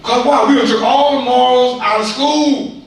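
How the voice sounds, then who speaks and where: A man's voice: extremely high pitch, fairly even intonation, moderate pace. A man giving an impassioned, preachy public comment to a school board, repeating himself in colloquial speech. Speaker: community speaker addressing a school board. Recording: echoey hall from far off, faint noise.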